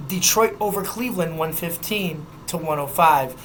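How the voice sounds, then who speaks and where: Young male sports podcaster, bright tone, casual and profane, rattles off scores. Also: a little high, slight background noise. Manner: loose and chatty, swears, reads scores in quick lists. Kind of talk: casual sports news rundown.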